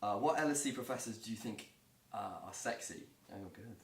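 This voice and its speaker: A man's voice: fairly low pitch, normal speed. A young man hosting a student talk show, playful and teasing, laughing often. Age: young adult. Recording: roomy sound from a distant mic with background noise.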